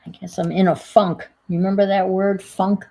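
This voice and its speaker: A woman's voice: medium pitch, flat delivery, moderate pace, vocal fry, warm tone, slightly rough, low-quality recording. A woman hosting a casual crafting stream, thinking aloud and rambling in a self-deprecating way as she works. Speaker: crafting livestream host. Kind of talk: casual chat while crafting.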